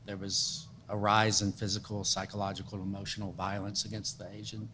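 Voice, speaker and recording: A man moderating a museum panel discussion, measured and agreeable, giving soft backchannels. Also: lowish voice, monotone, slight background noise. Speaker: moderator and curator. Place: museum event space.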